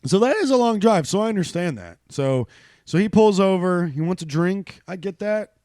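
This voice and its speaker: A man's voice: sits high, normal speed, no room sound, clean studio sound. A man co-hosting a casual comedy podcast, swearing and joking as he talks. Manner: animated, swearing, laughs a lot. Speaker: podcast co-host.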